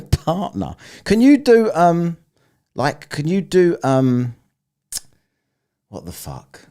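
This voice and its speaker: A man's voice: fairly high pitch, huge pitch swings, very slow, pauses often, darkish tone. A man hosting a live stream, rambling, teasing and swearing freely in casual chat.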